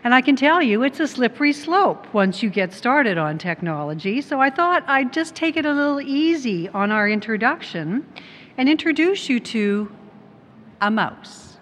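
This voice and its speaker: A middle-aged Canadian woman who heads a tech company gives a conference presentation in a large hall, her high, very animated, slightly bright voice at normal speed. She asks the audience questions and tells little anecdotes. There's long hall reverb and faint background noise.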